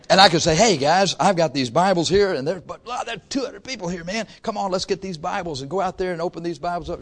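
A pastor preaching to his congregation, swinging from loud rises to soft asides. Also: on the high side. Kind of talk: sermon. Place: church before a congregation.

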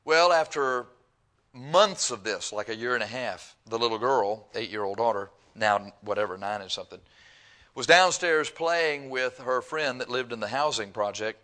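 A middle-aged male pastor in full sermon mode, folksy and animated. He reads out scripture, then slips into long stories, chuckling and taking on the voices of the people he quotes. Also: mid-range voice, moderate pace. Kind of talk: sermon with storytelling.

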